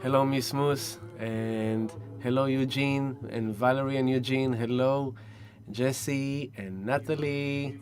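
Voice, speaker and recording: A man hosting a spiritual live stream, greeting viewers one by one with effusive, gentle warmth. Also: medium pitch, fairly even intonation. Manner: warm effusive greetings, slow and soft-spoken. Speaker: spiritual livestream host.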